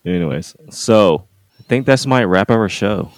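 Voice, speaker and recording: A man's voice: fairly low pitch, expressive, normal speed. A man co-hosting a casual podcast, talking loosely with lots of fillers and slang. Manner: casual, filler-heavy, says "dude" a lot. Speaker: podcast co-host.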